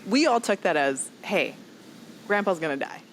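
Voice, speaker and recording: A woman comedian telling a personal story in a podcast interview, animated and acting out other people's lines as she goes. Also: mid-range voice, moderate pace, slight background noise, low-quality recording. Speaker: comedian guest.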